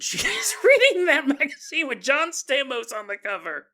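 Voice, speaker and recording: A man's voice: very high voice, huge pitch swings, moderate pace, vocal fry, hardly any pauses, sharp tone. A man hosting a paranormal podcast, retelling a strange story with comedy, laughing often and slipping into mock voices for the people in it. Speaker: podcast host.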